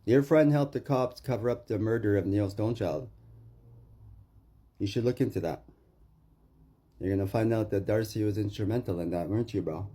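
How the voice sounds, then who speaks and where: A man's voice: on the low side, normal speed, long pauses, mellow, breathy edge. A Canadian man delivering an agitated, profane rant to the camera, accusing someone and repeating his name.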